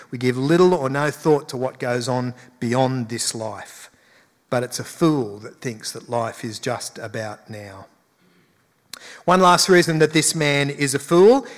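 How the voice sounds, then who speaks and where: A male pastor giving a conversational sermon with emphatic rises. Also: mid-range voice. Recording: long hall reverb.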